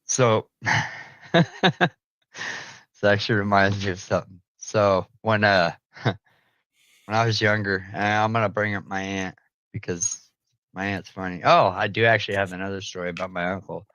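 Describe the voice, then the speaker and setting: A man's voice: normal speed, long pauses, no echo, rough recording. A young man hosting a casual talk, telling family stories with lots of energy and frequent laughs. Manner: animated storyteller, jumps into loud high-pitched quoted voices, laughs often. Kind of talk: casual storytelling.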